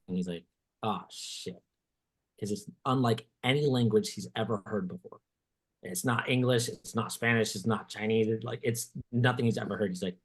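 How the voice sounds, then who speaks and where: A man hosting a podcast, telling a story in casual chat, animated and swearing casually, acting out what people said. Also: fairly low pitch. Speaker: podcast host.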